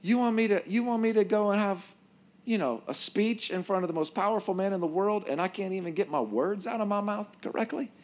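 A man's voice: sits high, brisk, pitched above the performer's own voice, close to an everyday voice. A man voicing a panicked, self-doubting man who pleads that he cannot speak well. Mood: anxious pleading. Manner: pleading, anxious.

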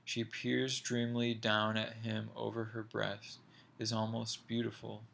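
A man reading a short story aloud in a slow, deliberate, measured way. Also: lowish voice, completely flat delivery, creaky, a bit bright. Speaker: reader.

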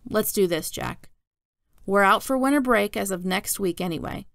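A woman voicing a calm male school principal who speaks in a measured, patient, serious way, reading a storybook aloud. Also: medium pitch, creaky, no room sound, clean studio sound.

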